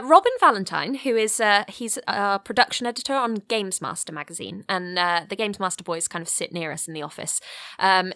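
A woman's voice: mid-range voice, dry recording. A woman from Devon with a West Country accent, hosting a casual podcast and steering the talk along. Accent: West Country English. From Devon, England. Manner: lively, laughing, steering the talk. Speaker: podcast host. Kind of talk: casual chat.

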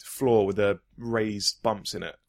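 A man with a somewhat low voice talks through a podcast conversation. He is enthusiastic and rambling, restarting his sentences as he goes. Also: steady tone, slow pace. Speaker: podcast host. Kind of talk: casual podcast chat.

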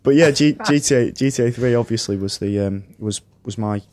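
A man's voice: mid-range voice, a little fast, a little mellow. A man with a Mancunian accent co-hosting a casual podcast, telling stories in a chatty, rambling way and reading out listener answers. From Manchester, England. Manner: chatty, rambling, laughs often. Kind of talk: casual chat.

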